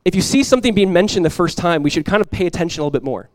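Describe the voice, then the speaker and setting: A man preaching a sermon as pastor, conversational and lively, telling stories and acting out quoted voices. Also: sits high, racing, dry recording.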